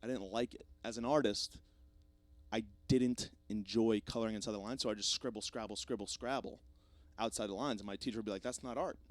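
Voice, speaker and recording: A young man hosting a podcast, rambling through a jokey, self-deprecating solo monologue with plenty of swearing, swinging between loud bursts and mumbled asides. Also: on the low side, steady tone, fairly quick, no echo. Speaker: podcast host.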